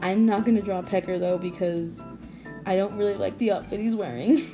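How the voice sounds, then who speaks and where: A woman's voice: medium pitch, brisk, over music. A young woman rambling casually at home about her own character drawing, restarting sentences and laughing often. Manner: rambling, self-interrupting, giggly. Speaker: artist vlogger. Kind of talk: casual late-night rambling.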